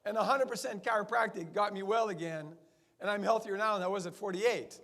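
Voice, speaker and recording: A man in his sixties speaks at a seminar with a notably high voice for a man. He talks emphatically and keeps tossing rhetorical questions at his audience of colleagues. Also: brisk, a bit bright. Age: 60s. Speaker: chiropractor addressing fellow chiropractors. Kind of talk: seminar talk.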